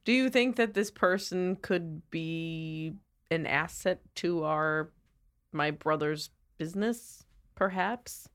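A woman's voice: low voice, takes it slowly. A woman voicing a formal, guarded young woman who is searching for her brother's attacker. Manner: stiff, formal.

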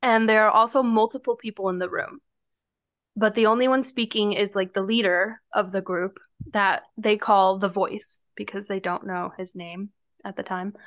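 A woman's voice: mid-range voice, fairly even intonation, normal speed, fairly bright tone. A woman podcast co-host casually retelling a true-crime story with lots of fillers. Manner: retelling events with frequent fillers.

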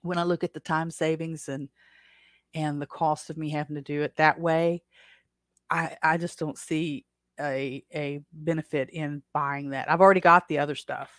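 A woman's voice: deep voice, fairly even intonation, normal speed, a bit bright, no echo, clean studio sound. A woman hosting a casual livestream chat, rambling along with frequent self-corrections and small laughs. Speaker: podcast host.

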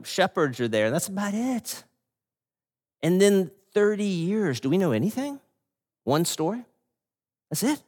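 A man delivers a sermon with an animated, storytelling manner, breaking into laughs and restarting phrases. His pitch swings widely as he talks. The sound rings with long reverb from a large church hall. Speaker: pastor.

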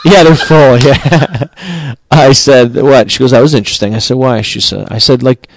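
A man hosting a podcast, telling a profane comic rant that swells into shouted outrage, recorded on a studio mic in a small booth. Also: mid-range voice, moderate pace, vocal fry, no echo. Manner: swears constantly, rising into shouted outrage. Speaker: podcast host.

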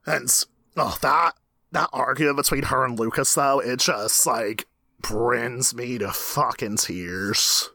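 A man co-hosting a TV recap podcast in casual chat, animated and laughing often as he retells scenes. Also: medium pitch, slow, no room sound. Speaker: podcast co-host.

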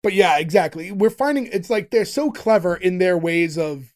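A podcast co-host in casual chat, retelling a sitcom episode and acting out the lines with animated delivery. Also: mid-range voice, normal speed.

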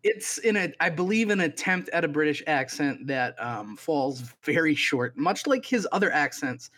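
A young man co-hosting a casual podcast, cracking dry, deadpan jokes. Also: a little high, moderate pace. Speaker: podcast co-host.

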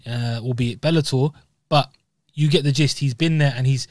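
A British-accented man co-hosts a fight podcast, chatting casually and filling his speech with fillers and "you know what I mean." His voice is mid-range at a moderate pace, with no echo.

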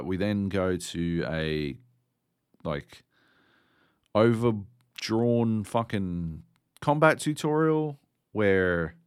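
A man's voice: sits low, clear, resonant tone, no room sound, studio quality. A man co-hosting a podcast, ranting sardonically and swearing constantly in casual chat. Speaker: podcast co-host.

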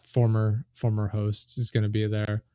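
Joking podcast host man, low voice. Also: completely flat delivery, normal speed, warm tone, clear, resonant tone, no echo, clean studio sound. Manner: joking, filler-heavy, self-deprecating. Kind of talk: casual podcast chat.

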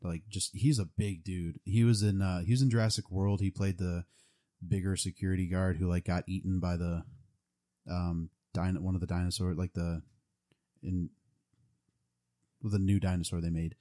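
A man's voice: low-pitched, flat delivery, moderate pace, dark tone. A young man casually retelling a movie plot, rambling with lots of fillers. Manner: rambling, full of "like" and "um".

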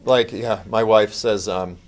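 A middle-aged man giving a conversational update, telling stories with plenty of fillers and lively asides. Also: on the low side, unhurried. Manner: conversational, animated impressions of others, many fillers. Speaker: speaker giving a ministry update. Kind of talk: casual storytelling talk.

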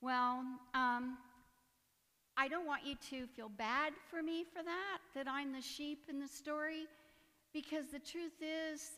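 A woman's voice: sits high, steady tone, takes it slowly, bright, forceful tone, in a large hall. A woman giving a personal testimony in church, earnest and emotional, with nervous little laughs. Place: church sanctuary.

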